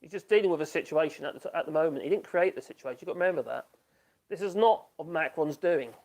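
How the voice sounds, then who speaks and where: Expressive and quick, this man speaks in a fairly high, slightly mellow voice. Live streaming from his home workshop, he chats casually, laughs a lot, and reads viewer comments aloud before reacting to them.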